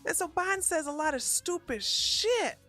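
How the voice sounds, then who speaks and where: Blunt, profane woman ranting in a bright voice. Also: extremely high pitch, animated, normal speed, soft background music. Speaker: political commentary host. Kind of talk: live-stream commentary rant.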